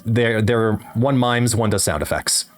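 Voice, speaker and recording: A man co-hosting a podcast in casual chat, earnest and halting with frequent restarts. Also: fairly low pitch, lively intonation. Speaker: podcast co-host.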